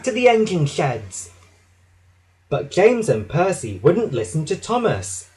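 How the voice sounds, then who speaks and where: A man narrating a children's storybook with an expressive, dramatic reading. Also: high voice, unhurried, breathy edge.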